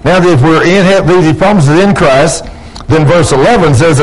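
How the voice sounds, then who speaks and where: A man preaching to a congregation in church acts out the dialogue of his stories, his emphasis climbing as he goes. His voice is on the high side and his pace moderate. The recording is low quality.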